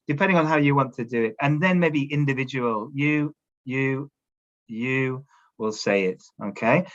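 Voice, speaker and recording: A man training teachers in a lively online workshop, checking in often with his listeners as he explains classroom drilling. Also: medium pitch, measured pace. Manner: lively, encouraging, addresses teachers directly with many "okay?" checks. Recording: slightly dull lo-fi audio.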